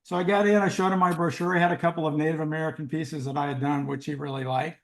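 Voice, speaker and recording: Animated older male storyteller. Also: a little high, fast talker, vocal fry. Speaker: guest. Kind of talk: storytelling in an interview. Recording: roomy echo.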